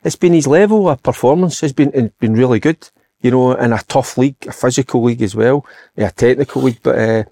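A middle-aged Scottish man chatting casually about football as a podcast co-host, telling stories in a lively, proud way. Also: mid-range voice, fairly quick, gravelly, no room sound.

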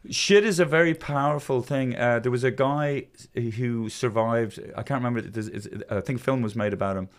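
A man hosting a loose comedy podcast, blunt and full of swearing. His voice sits at an ordinary middle pitch. He talks in a casual, joking way and often laughs. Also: normal speed. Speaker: podcast host.

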